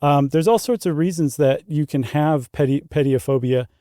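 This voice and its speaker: A man's voice: fairly high pitch, moderate pace, warm tone, no echo, studio quality. A middle-aged man co-hosting a podcast, explaining in a chatty way with many fillers. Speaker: podcast co-host. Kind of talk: casual chat.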